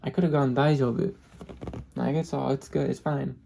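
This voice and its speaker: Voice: medium pitch, steady tone, a little fast, creaky, mellow, slight background noise. An ASMR creator telling a travel story in a chatty, casual way. The speaker laughs often and drops in short Japanese phrases.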